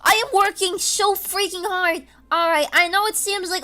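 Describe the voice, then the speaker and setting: A woman's voice: very high-pitched, fairly even intonation, moderate pace, pushed and bright. A woman streaming casually from home, rambling in an erratic way and breaking into screams and laughs. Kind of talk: casual live-stream chat.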